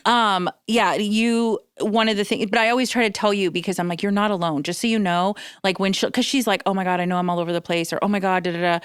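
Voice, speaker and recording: A woman hosting a casual chat podcast, telling long, animated stories and acting out every quote along the way. She swears freely, and her voice sits in a middle pitch. The sound is dry and close, with almost no room. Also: fast talker, hardly any pauses, smooth, no echo. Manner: animated storyteller, acts out quotes. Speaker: podcast host.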